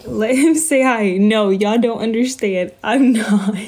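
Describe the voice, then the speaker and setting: A woman's voice: fairly high pitch, takes it slowly, darkish tone. A young woman, chatting on a phone live stream from her bedroom, with lots of fillers and laughter. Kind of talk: casual live-stream chat.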